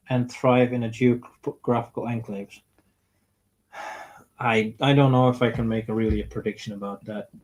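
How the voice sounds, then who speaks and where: A man's voice: medium pitch, a little mellow, poor audio. Blunt man answering questions. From Netherlands. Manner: blunt and opinionated, reads out questions then answers. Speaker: streamer answering viewer questions. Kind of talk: casual livestream Q&A.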